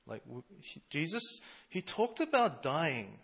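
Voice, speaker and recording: A man preaching a casual, conversational sermon, chatty and quick to laugh at himself. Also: on the high side, big pitch swings, creaky, a bit bright, breathy edge. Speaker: preacher, church treasurer.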